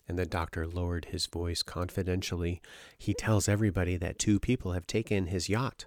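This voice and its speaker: Deep-voiced guy rambling through a book plot with friends, dry close sound. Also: a little fast, hardly any pauses, no room sound. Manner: rambling, animated summarizing with filler words. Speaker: book club member. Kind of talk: casual book discussion.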